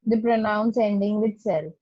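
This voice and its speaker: Over a video call, a woman teacher holds an online doubt session, slowly and patiently explaining grammar to pupils and stressing her examples. Her voice is medium-pitched and warm, with no echo, though the call audio is muffled and lo-fi.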